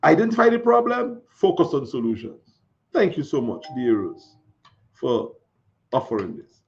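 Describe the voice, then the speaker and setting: A man's voice: a little high, sing-song, moderate pace, vocal fry. A man hosting a live stream, reading viewer comments and chatting in a folksy, repetitive way. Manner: chatty, folksy, repeats phrases. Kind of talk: casual live-stream talk. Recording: dull lo-fi stream audio.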